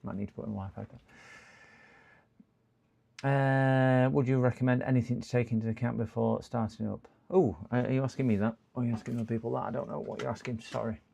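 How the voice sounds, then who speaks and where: This is a middle-aged man from the UK on a live repair stream, thinking out loud as he works. His voice is mid-pitched with a gravelly rasp. He chats loosely with viewers and mutters and groans to himself in between. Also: steady tone, a little fast. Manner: chatty, mutters to himself, answers chat, exasperated outbursts. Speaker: livestreaming repair technician. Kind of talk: casual live-stream chat while working.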